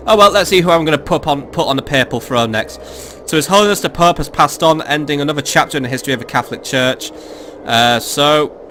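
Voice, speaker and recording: A man's voice: medium pitch, sharp tone, slight background noise. A man giving casual, sardonic gameplay commentary as a let's play host, swearing freely and thinking aloud.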